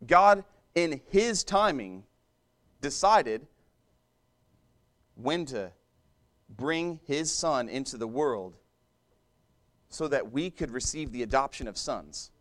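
A man's voice: medium pitch, lively intonation, slow pace, long pauses, a bit bright. A man preaching a sermon in a conversational way, repeating and restarting phrases and turning to the congregation with asides.

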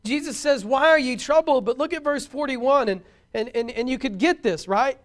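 Male preacher, very high voice, animated sermon delivery with humor. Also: moderate pace.

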